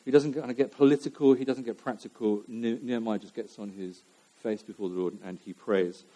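A man's voice: medium pitch, steady tone, a little fast, dark tone. A man preaching a sermon to his church, talking in a conversational way with fillers and repeated phrases.

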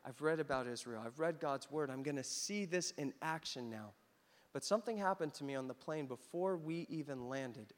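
Man preaching in a reverberant hall. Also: medium pitch. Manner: storytelling, animated and emphatic. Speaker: pastor. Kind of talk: sermon.

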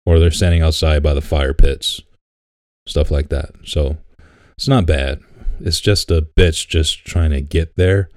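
A podcast co-host with a rumbling low, fairly even, slightly mellow voice tells stories in an unhurried, laid-back way, often swearing and laughing. The recording is studio quality with no echo.

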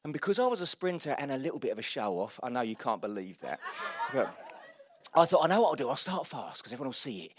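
A man's voice: medium pitch, big pitch swings, fast, crowd noise, noisy background. A middle-aged man preaching a sermon in a loose, self-mocking, chatty way. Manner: chatty and self-mocking, with frequent laughs and restarts. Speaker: pastor. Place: church hall.

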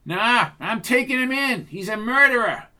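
A man voicing a brash young male campus security guard in an audiobook, loud and hotheaded, pitched well above his own voice. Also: expressive, normal speed, heavily acted. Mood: angry.

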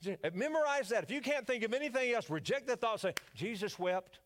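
A man preaching a sermon in church, building from calm teaching to fervent declarations and prayer. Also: very high voice, fast. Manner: preachy call-and-response, rising to fervent declarations. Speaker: pastor.

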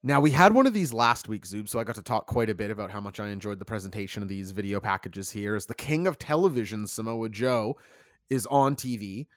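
A man co-hosting a casual wrestling review stream, talking in an animated, chatty way and reacting to viewer chat. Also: fairly low pitch, fairly quick, dry recording, studio quality.

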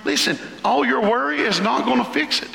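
A man preaching a sermon as pastor, fervent, shouting out lists and leaping up in pitch. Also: fairly quick, gravelly. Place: church sanctuary. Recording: echoey hall.

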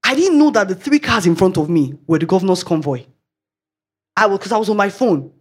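A woman's voice: mid-range voice, animated, brisk, slightly rough. A woman with a Nigerian accent preaching a sermon, telling chatty anecdotes and laughing along the way. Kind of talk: storytelling sermon.

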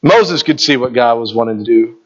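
A man's voice: mid-range voice, animated, brisk, muffled recording. A man preaching a sermon as pastor, asking rhetorical questions and reading scripture aloud.

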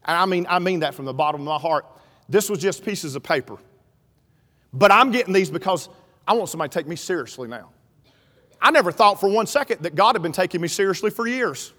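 High-voiced preacher in echoing hall. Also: male voice, expressive, fast. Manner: storytelling preacher, builds to shouting. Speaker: pastor. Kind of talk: sermon. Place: church sanctuary. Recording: reverberant hall.

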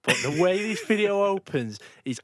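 A man's voice: sits high, animated, moderate pace, a bit bright, slight background noise. A man in a casual podcast chat, ranting, swearing and laughing a lot.

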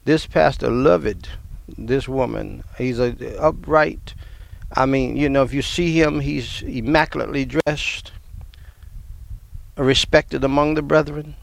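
A man's voice: medium pitch, steady tone, unhurried, vocal fry. A man in his fifties preaching a sermon, rambling and restarting his words. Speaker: pastor.

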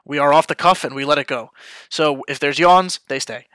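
A man's voice: a little high, normal speed, a bit bright, no room sound. A young man hosting a podcast, chatting off the cuff with lots of fillers. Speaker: podcast host. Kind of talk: casual podcast chat. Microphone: headphones and studio mic.

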